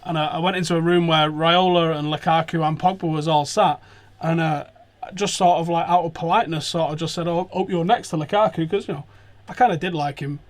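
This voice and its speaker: A man hosting a football podcast, telling sweary, animated stories in casual chat from a sofa. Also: a little high, a little fast. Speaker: podcast host. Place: sofa indoors.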